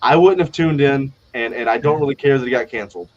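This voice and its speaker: A man hosting a live online chat show, blunt and profane, riffing fast with strong opinions. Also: mid-range voice, highs cut off, a loud crowd. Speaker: podcast host. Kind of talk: casual live panel chat.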